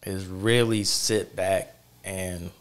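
A man hosting a podcast, talking in a relaxed, reflective way with many fillers. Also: sits low, slow pace, clear, resonant tone. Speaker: podcast host. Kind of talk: casual chat.

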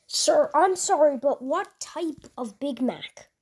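A woman voicing a squeaky, nervous young fast-food cashier who stammers and gets flustered. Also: expressive, a little mellow.

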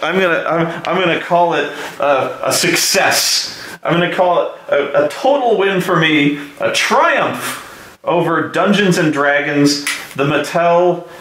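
Slow-talking swearing man, echoey room. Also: a little high, slight background noise. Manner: animated, swears a lot, shouts in excitement. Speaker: show host reviewing a game. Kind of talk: casual profane rant.

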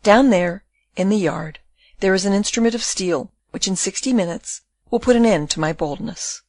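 Brief: calm, tender condemned young man, read by a woman; storybook audiobook, dry booth. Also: medium pitch, normal speed, no room sound, natural voice.

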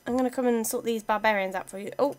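A woman's voice: on the high side, fairly even intonation, fast. Chatty woman narrating her game. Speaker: let's play gamer. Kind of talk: casual gameplay commentary.

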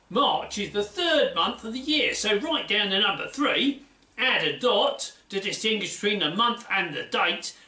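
A man's voice: very high voice, bright, forceful tone, voice pushed up, heavily acted. A man voicing a cheerful, know-it-all Australian man with a put-on Australian accent, earnestly explaining facts. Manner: chirpy, earnest lecturing tone. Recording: roomy, mic at a distance.

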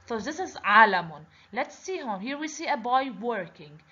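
A woman's voice: a little high, sing-song, moderate pace, sharp tone, breathy edge. A woman teaching a children's lesson on letters, patiently repeating each word and asking the class questions. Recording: dull lo-fi recording.

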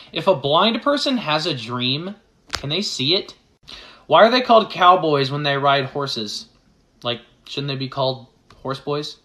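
A man pondering absurd questions one after another in a dry, musing manner. His voice is bright and sits a little high. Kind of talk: deadpan shower-thought questions.

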